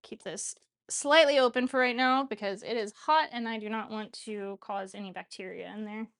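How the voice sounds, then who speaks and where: A woman's voice: fairly high pitch, moderate pace, fairly bright tone, clear, resonant tone. A young woman hosting a home cooking show, chatting casually and joking at her own expense while she cooks. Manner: chatty, self-mocking, talks while cooking. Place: home kitchen.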